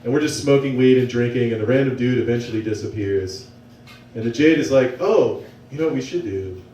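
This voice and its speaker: A young man telling a profane, excitable, self-mocking story on stage to a live audience. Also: medium pitch, brisk, slight background noise. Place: small venue with a live audience. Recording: roomy, from a distance.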